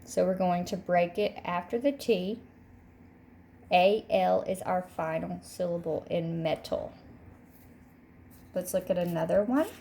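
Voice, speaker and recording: A woman teaching a third grade phonics lesson. She speaks patiently and says each word twice, clearly, so children can repeat it. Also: fairly low pitch, fairly even intonation, a little slow, pauses often, warm tone, slight background noise. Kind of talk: recorded classroom phonics lesson.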